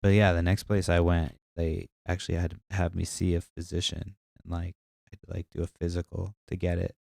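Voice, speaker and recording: A man's voice: low-pitched, monotone, a little fast, creaky, darkish tone, dry recording, studio quality. A young man with a stuffy nose, hosting a podcast as a rambling, profane casual monologue full of fillers. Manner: profane, meandering storytelling with many fillers. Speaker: podcast host.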